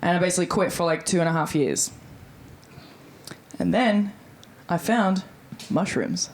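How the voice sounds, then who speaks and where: A woman's voice: fairly low pitch, expressive, a little slow, slight background noise. A woman in her thirties with an Australian accent performing a stand-up comedy set in a chatty, breezy way and acting out the voices she quotes. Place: comedy club stage before a live audience.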